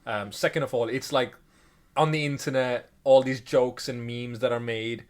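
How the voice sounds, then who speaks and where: A man's voice: mid-range voice, normal speed. A young man co-hosting a podcast in casual chat, ranting animatedly and laughing. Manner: animated, laughing, incredulous rants. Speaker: podcast co-host.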